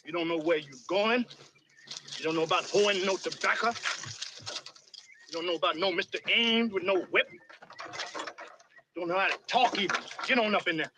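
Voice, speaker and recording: A man's voice: high voice, normal speed, pauses often, noisy background, close to an everyday voice. An actor playing an older enslaved male fiddler in a film drama, speaking in a thick period Southern dialect and deferring to his master. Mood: scolding.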